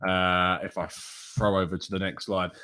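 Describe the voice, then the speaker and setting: A man's voice: deep voice, flat delivery, moderate pace, sharp tone, clear, resonant tone. Chatty English man hosting a live show. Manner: chatty, reads out viewer names, slips into a put-on northern accent. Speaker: podcast host. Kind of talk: casual live-stream show chat.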